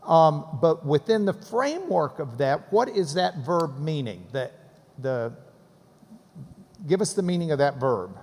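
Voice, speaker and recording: A man's voice: on the high side, sing-song, a little slow, darkish tone. A man hosting and teaching, pointing things out and prompting his guests with questions. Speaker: host and moderator. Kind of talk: teaching a class. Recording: echoey hall.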